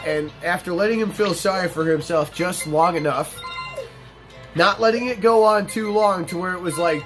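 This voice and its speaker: Young male gaming host, slightly higher voice, profane storyteller, loud game music underneath. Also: moderate pace. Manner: blunt, profane, animated retelling with quoted dialogue. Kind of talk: casual storytelling over gameplay.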